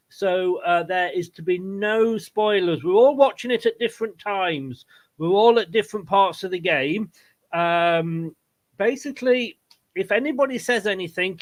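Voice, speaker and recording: A man hosting a casual football watchalong, chatting with guests and reading viewer comments in quick asides. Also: sits high, fairly bright tone. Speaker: host.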